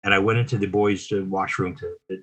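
An older man from New Jersey tells stories as an interview guest, with a husky, breathy edge to his voice. His tone is bright and forceful, and he talks in animated bursts full of restarts. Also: sits low, fast talker. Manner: animated storyteller, frequent restarts. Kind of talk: casual storytelling interview.

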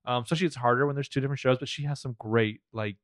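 An American man co-hosting a podcast, chatting casually, swearing often and narrating scenes with quick laughs. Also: mid-range voice, steady tone, fairly bright tone, no echo, studio quality. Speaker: podcast co-host. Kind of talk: casual recap chat.

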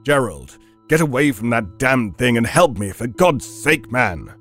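An actor plays a brisk, authoritative occult investigator in a horror radio play. He speaks in a mid-pitched voice, giving short, firm orders. Faint music plays under the voice. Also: very animated, fairly bright tone. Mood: commanding. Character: commanding male occult investigator, stern and brisk.

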